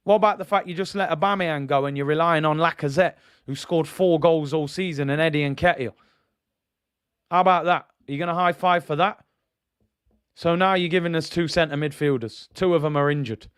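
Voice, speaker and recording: Casting: bloke, fan-channel host, fed-up rant, higher-pitched, dry close mic. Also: male voice, a little fast, a bit bright, smooth, dry recording. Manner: frustrated, rhetorical questions, reads out viewer comments.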